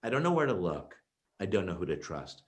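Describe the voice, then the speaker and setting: A man with a fairly low voice delivers a keynote talk to an online audience. He tells stories with energy and emphasis, often with fillers and restarts. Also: big pitch swings, fairly quick. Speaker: keynote speaker. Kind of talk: virtual keynote presentation.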